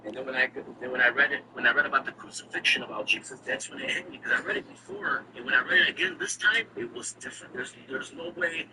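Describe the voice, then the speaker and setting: A man's voice: mid-range voice, big pitch swings, quick pace, few pauses. A man giving an emotional personal testimony. He repeats phrases often and speaks earnestly. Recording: distant mic with loud background noise.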